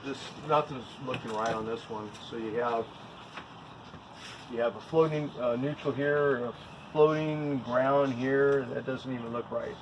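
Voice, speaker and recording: A man's voice: mid-range voice, steady tone, a little slow. Methodical male inspector on a noisy site. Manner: methodical, explains step by step. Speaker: electrical inspector. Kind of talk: casual on-site inspection talk.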